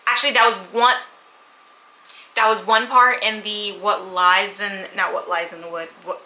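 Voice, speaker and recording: A woman casually reviewing books at home, candid and animated, sometimes acting out characters' lines. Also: medium pitch, normal speed, reverberant, poor audio. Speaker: book vlogger. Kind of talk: casual chatty book review. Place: at home with a purring cat nearby.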